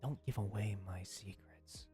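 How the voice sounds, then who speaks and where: A man's voice: fairly low pitch, a little slow, dark tone. A man streaming a video game, chatting playfully with his chat and laughing often. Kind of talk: casual live-stream chat. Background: faint lo-fi music.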